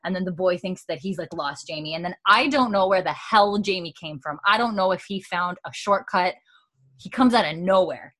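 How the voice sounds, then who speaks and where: Woman co-host, lowish voice, animated recap with quick character voices. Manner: acts out characters' lines in quick voices, swears, laughs. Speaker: podcast co-host recapping a TV episode. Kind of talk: casual chat, animated retelling.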